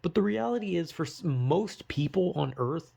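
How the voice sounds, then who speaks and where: Gravelly voiced dude rambling at the camera, swears a lot, keeps asking himself stuff. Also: male voice, fairly high pitch, lively intonation, normal speed, mellow. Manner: rambling, filler-heavy, frequent swearing; self-deprecating, rhetorical questions. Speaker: vlogger. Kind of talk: rambling casual monologue.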